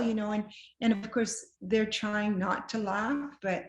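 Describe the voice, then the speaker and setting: A woman guest telling a personal story with lively, self-deprecating humor, acting out what people said. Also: medium pitch, measured pace. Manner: acts out quoted dialogue. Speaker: guest sharing a personal testimony. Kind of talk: conversational storytelling. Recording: roomy echo.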